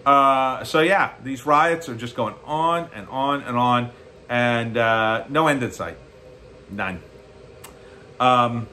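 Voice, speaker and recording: Man, American, blunt sarcastic commentary, bright forceful voice, faint background hiss. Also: medium pitch. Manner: blunt, sarcastic, rising to mocking outbursts. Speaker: political commentary host. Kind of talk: opinionated solo commentary.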